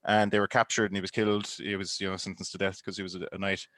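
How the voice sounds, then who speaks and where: A man's voice: low voice, flat delivery, fast talker, a bit bright, no room sound. A man, a comedian contestant on a game show, rambling through anecdotes full of fillers and restarts. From Ireland. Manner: rambling, filler-heavy storytelling. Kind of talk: casual comedic banter.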